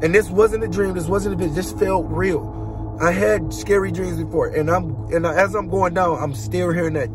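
A young man with a high voice tells his story as a heartfelt testimony. He speaks casually and dramatically, mimicking booming noises as he goes. An instrumental track plays clearly behind him. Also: moderate pace. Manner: dramatic, colloquial, imitates booming sounds. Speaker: vlogger giving a testimony. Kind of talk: emotional personal testimony. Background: instrumental music.

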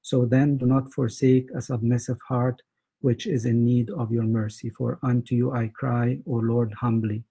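A man reads church prayers aloud in a steady, unhurried recitation. His voice is very dark and husky, held in a flat, narrow pitch with little rise or fall. He moves evenly through the scripture and the repeated chanted responses. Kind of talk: liturgical prayer reading.

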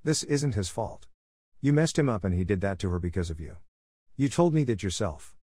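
Dude voicing a rattled young woman, stammery, low voice, dry. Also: very animated, moderate pace, mellow, slightly rough, dry recording. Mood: upset. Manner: upset, stammering. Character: shaken young woman defending herself.

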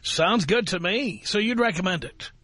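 A man's voice: high-pitched, moderate pace, sharp tone. A man hosting a radio call-in show, blunt and brash as he takes callers. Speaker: radio talk show host.

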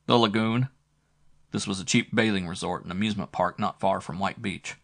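Low-voiced male reader, terse noir audiobook narration. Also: steady tone, fast, vocal fry, a bit bright. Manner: terse, clipped. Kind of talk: first-person hardboiled audiobook narration.

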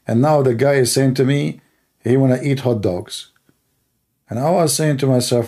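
Male apologist, mellow, gravelly voice, dry sarcastic delivery. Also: medium pitch, normal speed. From Middle East. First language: Arabic. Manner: sarcastic, mocking. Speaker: Christian apologist. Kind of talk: mocking commentary and anecdotes.

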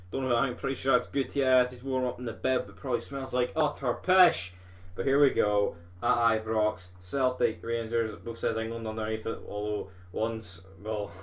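A young man with a Scottish accent, talking through his football game at a mid pitch. He swears freely and gets worked up like a fan in the stands, playing host for his own gaming channel. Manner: sweary, rowdy, excitable fan. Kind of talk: live gameplay commentary.

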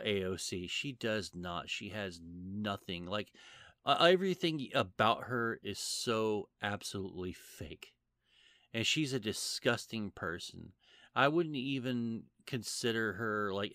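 A man's voice: on the low side, fairly bright tone, dry recording, clean studio sound. A man vlogging an angry, profane rant, stumbling over restarts as he talks.

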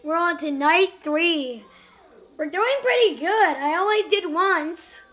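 A woman's voice: extremely high pitch, expressive, slow pace, fairly bright tone. A young woman hosting a gaming channel, giving jumpy horror let's play commentary, shrieking and laughing at scares.

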